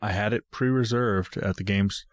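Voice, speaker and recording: A man's voice: lowish voice, moderate pace, no echo, studio quality. A man in casual conversation, telling a rambling story and correcting himself along the way. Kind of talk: casual chat.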